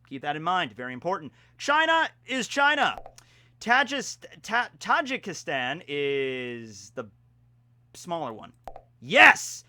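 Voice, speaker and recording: Playing a geography quiz, this young Pennsylvania vlogger chats and wanders off-topic with self-deprecating jokes, his slightly high voice sounding pushed and bright.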